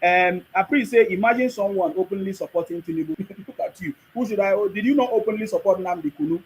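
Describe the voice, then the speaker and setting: A man's voice: high-pitched, quick pace, a little hiss or hum, poor audio. A middle-aged man with a Nigerian accent hosts a livestream, reading viewer comments and commenting on them in a repetitive, preachy way. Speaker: livestream host.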